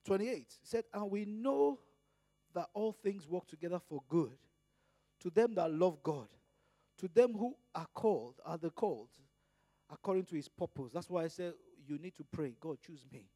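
A preacher from Nigeria delivering an impassioned sermon. He swings between loud emphasis and hushed asides, and draws out scripture readings slowly. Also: high voice, lively intonation, no room sound.

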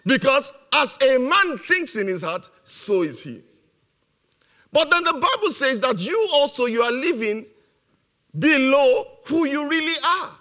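A man's voice: very high-pitched, big pitch swings, a little slow, sharp tone. A man preaching a motivational sermon, emphatic and repeating his key phrases, laughing now and then at his own jokes.

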